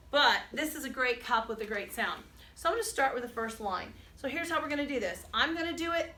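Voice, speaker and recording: Woman, music teacher, middle-aged, chatty, step-by-step explaining, bright voice, echoey classroom. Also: a little high. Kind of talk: recorded music lesson for students. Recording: echoey room, mic at a distance.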